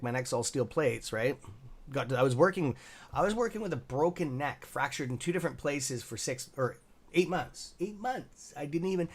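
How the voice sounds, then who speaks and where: A man hosting a live trading stream, chatting casually and rambling, swearing freely and laughing at his own jokes. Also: mid-range voice. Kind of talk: casual chat.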